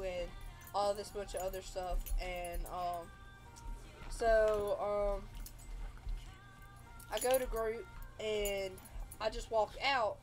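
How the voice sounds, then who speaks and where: A woman's voice: medium pitch, fairly even intonation, slow pace, pauses often, soft background music. A young woman hosting a livestream, telling a personal story in a rambling, casual way and acting out the dialogue. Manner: rambling, acts out quoted dialogue. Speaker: livestream host.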